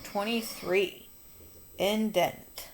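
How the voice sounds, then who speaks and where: A woman's voice: medium pitch, fairly even intonation, very slow, slight background noise. A woman teacher talking students through a phonics coding lesson, patient and encouraging.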